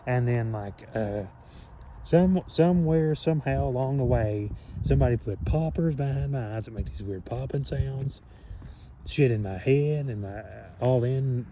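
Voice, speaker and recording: A man talking in a rambling, meandering monologue, cursing often and filling gaps with pauses and fillers. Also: medium pitch, noisy background. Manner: meandering, profane, many fillers and trailing pauses.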